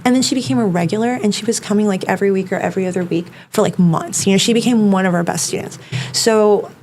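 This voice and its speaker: A woman's voice: mid-range voice, quick pace, a little mellow, slight background noise. A woman self-defense instructor talking casually as a podcast guest, filling her speech with "like" and "you know.". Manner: chatty, many fillers like "like" and "you know".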